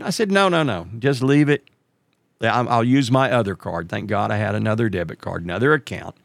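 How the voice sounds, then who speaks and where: A middle-aged man tells a long story in a casual monologue. His gravelly voice rises and falls a lot, and it jumps high whenever he quotes someone else. The sound is dry and close, with no room echo. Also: a little fast. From Texas. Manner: animated, jumps way up in pitch when quoting others.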